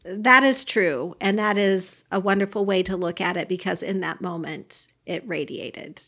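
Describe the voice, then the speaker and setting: A woman's voice: lowish voice, moderate pace, bright, forceful tone. A woman co-hosting a podcast in casual chat, sometimes searching for words. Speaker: podcast co-host.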